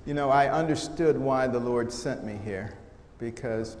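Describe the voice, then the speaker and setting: A middle-aged American man tells stories to an audience with a dry, humorous flair and a voice that is neither high nor low. His words echo around a large hall, with a faint hiss underneath. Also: a little slow. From United States. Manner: humorous, animated storytelling with quoted voices. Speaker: speaker giving a testimony talk. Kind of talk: storytelling talk to an audience. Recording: echoey hall sound with faint noise.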